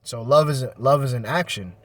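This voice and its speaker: A man's voice: medium pitch, moderate pace, a bit bright, dry recording. A man giving a casual scripture teaching in a loose, conversational way, often tossing in "man" and "you know".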